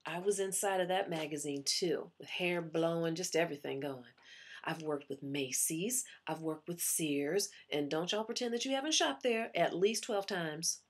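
Woman, Southern accent, slightly breathy voice, chatty comic audition monologue, animated. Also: fairly low pitch, moderate pace. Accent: put-on Southern US. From US Midwest. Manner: chatty, animated, self-promoting. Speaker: actress auditioning.

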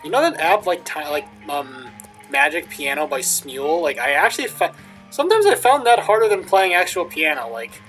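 A man's voice: fairly high pitch, sing-song, moderate pace, a bit bright. A young man casually commentating as he plays a video game, joking and reading the lines aloud. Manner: jokey, reads in-game lines aloud, chuckles often. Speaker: gaming video host. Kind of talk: casual let's play commentary. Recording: faint game music underneath. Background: faint game music.

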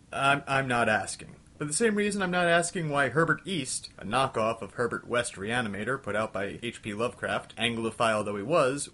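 A man's voice: medium pitch, sharp tone. Exasperated young man ranting a review. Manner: exasperated, scattered, talks himself down. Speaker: host of a retro game review show. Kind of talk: comedic ranting game review.

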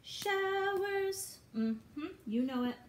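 A woman's voice: on the high side, expressive, normal speed, slight background noise. A woman teaching a music lesson to young children online, encouraging and patient, often chanting and singing syllables.

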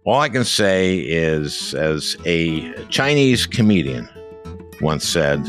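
A man's voice: sits low, huge pitch swings, takes it slowly, a bit bright, faint music behind. A man in his seventies from Minnesota, a podcast host telling wry stories in casual chat. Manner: wry storyteller.

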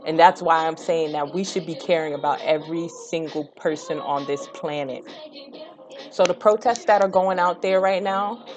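A woman's voice: deep voice, normal speed, dull audio, faint music behind. Fired-up woman ranting with blunt profanity. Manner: blunt, profane, rising to heated outbursts. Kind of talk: impassioned direct-to-camera rant.

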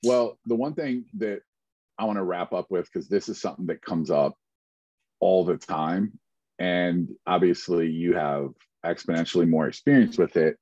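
A man with a very deep, husky voice speaks in a measured way as he sets up a question in a casual talk. The sound is dry and dull, like a lo-fi line. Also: darkish tone, no room sound. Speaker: guest co-host. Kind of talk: casual conversation.

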